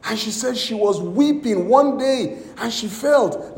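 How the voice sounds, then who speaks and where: Animated, slow-preaching man in an echoey room. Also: sits high. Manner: storytelling with acted-out quotes, emphatic preaching. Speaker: pastor. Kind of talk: sermon.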